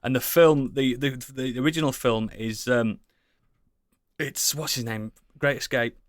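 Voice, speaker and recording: A man chatting casually as a podcast co-host, rambling and enthusiastic, swearing often and filling pauses with ums and likes. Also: mid-range voice, steady tone, dry recording, clean studio sound. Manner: rambling, enthusiastic, swears a lot, many fillers. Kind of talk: casual chat.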